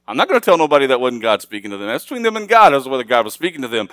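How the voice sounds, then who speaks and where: A man's voice: medium pitch, sing-song, rapid-fire, hardly any pauses, fairly bright tone, dry recording. A middle-aged man preaching a sermon as pastor, talking casually with the congregation and rising to emphatic, raised passages.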